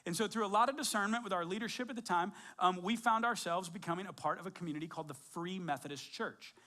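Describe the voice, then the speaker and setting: A male pastor with a fairly high voice delivers a sermon in a relaxed, chatty way. He leans on "like" and tells stories with lively energy. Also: fast talker. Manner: casual and conversational, with many "like" fillers and animated storytelling.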